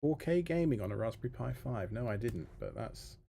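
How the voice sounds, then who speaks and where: A man's voice: medium pitch, animated, brisk, creaky, dark tone, a little hiss or hum. A man hosting a live stream, chatting casually with his viewers while muttering through a technical problem. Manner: muttering to himself while troubleshooting, talking to the chat. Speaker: livestream host. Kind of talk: casual live-stream chat, thinking aloud.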